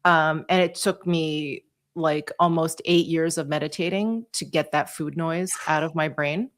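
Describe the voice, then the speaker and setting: A woman's voice: deep voice, fairly even intonation, a little slow. A woman in her forties co-hosting a podcast, talking in a casual, hesitant way and searching for her words. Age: 40s. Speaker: podcast co-host. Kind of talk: casual chat.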